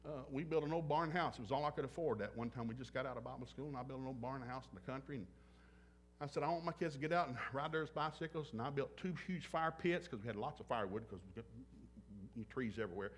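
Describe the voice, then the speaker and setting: A man's voice: medium pitch, quick pace, a little hiss or hum. A man preaching a sermon at a church service, blunt and joking, acting out little scenes with other voices. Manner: joking, blunt, acts out dialogue. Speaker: pastor. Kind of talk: sermon with acted-out anecdotes.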